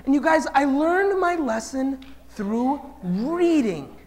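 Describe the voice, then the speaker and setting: A man telling a story to children and asking them questions, swinging between loud and hushed. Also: extremely high pitch, big pitch swings, slow, slight background noise. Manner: engages the audience with questions. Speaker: speaker at a children's event.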